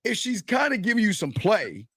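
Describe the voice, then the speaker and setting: High-voiced guy hosting, blunt and fed up, dry close mic. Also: wildly swooping pitch, normal speed, a bit bright, slightly rough, no room sound. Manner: blunt, exasperated, repeats questions. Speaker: host. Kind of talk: casual chat.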